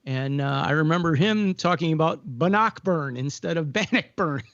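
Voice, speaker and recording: A man's voice: a little high, fairly quick, vocal fry, no echo. A man from the Chicago area co-hosting a DJ livestream, chatty and jokey, heard through a video call. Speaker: co-host of a DJ livestream. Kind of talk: casual chat. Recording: slightly dull, lo-fi call audio.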